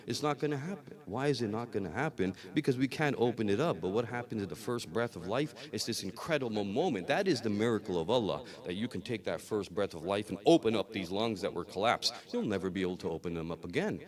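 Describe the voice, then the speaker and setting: A man delivers a religious sermon in a lowish voice. He tells the story with acted dialogue and rises to emphatic peaks, slowing and repeating key words for weight. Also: lively intonation. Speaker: scholar reciting a majlis.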